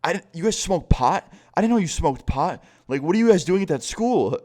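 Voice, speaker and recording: A man voicing an angry, shocked middle-aged mother who yells at her son and his friends. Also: on the high side, animated, brisk, pitched above the performer's own voice. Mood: furious.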